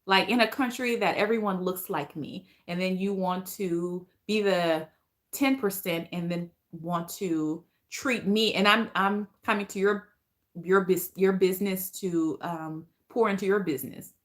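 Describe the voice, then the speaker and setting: A woman's voice: mid-range voice, measured pace. A woman with a Liberian accent chatting casually on a livestream, reading viewer comments aloud and responding to them. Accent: Liberian English.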